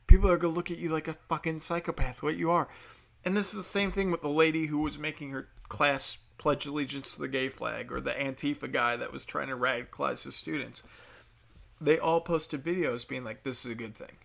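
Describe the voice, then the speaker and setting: A man's voice: fairly high pitch, fairly even intonation, fairly quick, gravelly, fairly bright tone. A man hosting his own talk show, delivering an angry, profane and sarcastic political rant. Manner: mocks others in put-on voices. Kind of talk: ranting political commentary.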